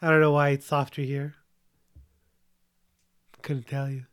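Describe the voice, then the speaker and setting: A man's voice: mid-range voice, flat delivery, a little slow, fairly bright tone, clear, resonant tone, no room sound, studio quality. A young man chatting casually about a movie as a podcast co-host, rambling and joking, often trailing off mid-sentence. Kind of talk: casual movie review chat.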